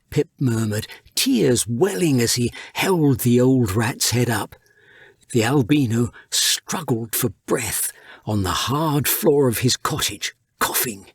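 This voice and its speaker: Guy reading a pirate storybook aloud, husky voice, slow and bouncy, dry close mic. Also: mid-range voice, no room sound. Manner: lively, unhurried reading. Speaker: audiobook narrator. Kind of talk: scripted storybook narration.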